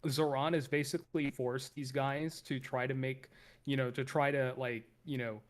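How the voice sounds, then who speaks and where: A man's voice: mid-range voice, flat delivery, moderate pace. A man hosting a casual livestream, commenting with rambling talk full of fillers and restarts. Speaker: streamer host.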